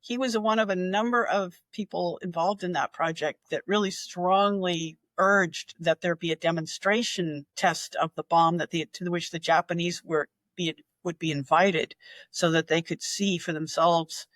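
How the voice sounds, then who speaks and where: A podcast guest presenting a history segment, telling stories in an animated way and chuckling often. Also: medium pitch, normal speed, no room sound. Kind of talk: casual storytelling chat.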